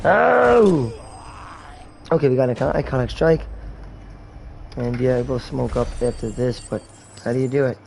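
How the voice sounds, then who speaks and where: A man's voice: medium pitch, steady tone, a little fast, vocal fry, pauses often, mellow, slight background noise, low-quality recording. A man streaming a video game, joking and swearing as he plays, and acting out silly comic skits. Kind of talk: joking gameplay commentary.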